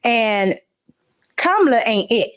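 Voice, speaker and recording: A woman's voice: fairly high pitch, sing-song, slow pace, a bit bright. A woman host giving sassy, emphatic opinion commentary in casual slang; her family is Cuban.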